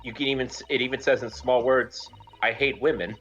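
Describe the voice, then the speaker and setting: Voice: medium pitch, fairly even intonation, brisk, fairly bright tone, lo-fi sound, faint music behind, close to an everyday voice. A player reading a reproachful young assistant. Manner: earnest, accusing.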